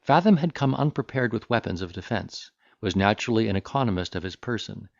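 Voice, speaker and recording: A man narrating a classic novel in a measured, formal storytelling manner. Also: lowish voice, expressive, vocal fry, a little mellow, dry recording, highs cut off. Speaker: audiobook narrator.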